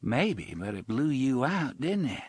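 A man voicing a bold, teasing young woman adventurer in an audiobook, with a husky tone. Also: mid-range voice, sing-song, a little slow, no room sound, studio quality, voice pushed up, heavily acted.

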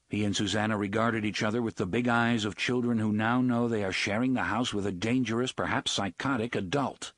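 A man narrating an audiobook with dramatic, expressive storytelling, recorded close to the mic. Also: lowish voice, fairly quick, few pauses, no room sound. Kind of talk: scripted narration.

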